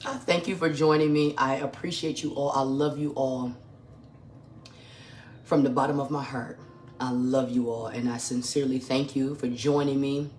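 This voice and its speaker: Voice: medium pitch, flat delivery, moderate pace, a little mellow, a little hiss or hum. A home cook hosting a live vegan cooking stream from a kitchen, chatting effusively with viewers while tasting food, sometimes with a full mouth. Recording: echoey kitchen with faint music.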